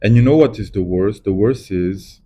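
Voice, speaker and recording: A man's voice: on the low side, moderate pace, dark tone. A man rambling reflectively in a casual to-camera vlog while doing crafts at home. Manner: rambling, reflective, self-mocking. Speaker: vlogger.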